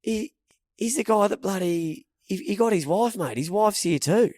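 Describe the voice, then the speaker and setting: An Australian man spins a yarn on a podcast, his pitch swinging freely as he talks. He swears casually and keeps the story rolling. The sound is dry and close, with no room around it. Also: animated, normal speed, darkish tone, no echo. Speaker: podcast co-host. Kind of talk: casual banter.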